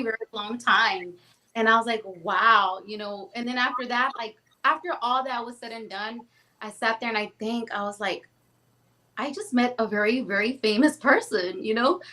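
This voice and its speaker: A woman guest on a podcast, telling lively stories in casual chat and acting out the quotes. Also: a little high. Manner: animated storytelling, acts out quotes. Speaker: guest singer.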